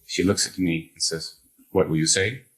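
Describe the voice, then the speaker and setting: An older man telling a personal anecdote to a live audience, animated, acting out the others' lines in the story. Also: low-pitched, normal speed, low-quality recording.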